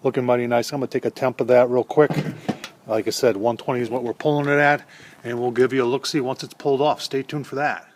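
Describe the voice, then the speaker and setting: A man's voice: mid-range voice, level tone, fast. A middle-aged man hosting his own cooking videos, talking in a folksy, chatty way and calling his viewers folks. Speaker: cooking channel host. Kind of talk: casual cooking demo to camera.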